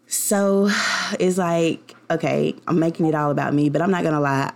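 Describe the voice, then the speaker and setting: A young woman hosts her own podcast in a loose, confessional monologue. Her voice sits low for a woman and carries a gravelly fry. She rambles warmly from thought to thought, full of likes and you knows. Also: steady tone, normal speed. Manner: rambling and heartfelt, many fillers. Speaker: podcast host. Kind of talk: casual personal podcast monologue.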